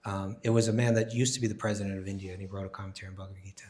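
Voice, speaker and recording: A man teaching a scripture class, answering questions in an animated, emphatic way and often repeating words as he thinks. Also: deep voice, very fast.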